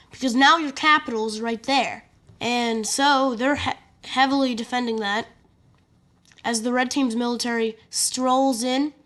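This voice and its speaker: A woman talks through an alternate-history map story in a loose, chatty way, with plenty of fillers and joking asides. Her voice sits a little high, and she sounds relaxed and unscripted. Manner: casual, chatty, filler-heavy, jokey asides. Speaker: map video narrator. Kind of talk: casual narrated map story.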